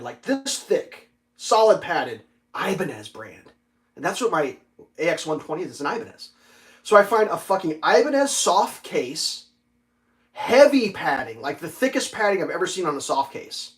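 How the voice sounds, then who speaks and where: A man hosting a casual livestream, telling a story with lots of swearing and loudly acting out the dialogue. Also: a little high. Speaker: livestream host.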